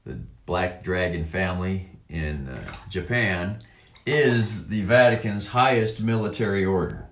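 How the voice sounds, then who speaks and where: Deep-voiced man, unhurried and halting, drawn-out words and fillers, reading and riffing in a reverberant room. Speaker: online commentator. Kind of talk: rambling monologue reading and commenting on a text.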